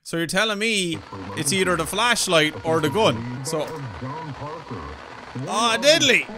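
Excitable high-voiced Irish lad gaming. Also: male voice, measured pace, over music, low-quality recording. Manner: excitable, swearing, yelps and screams when startled. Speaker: gaming YouTuber. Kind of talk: horror game commentary.

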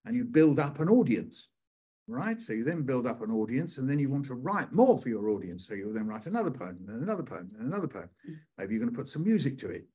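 Older man, lively storytelling. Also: mid-range voice, husky. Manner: animated, performs his poem with dramatic pauses and voices. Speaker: poet. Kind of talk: storytelling on a live online session.

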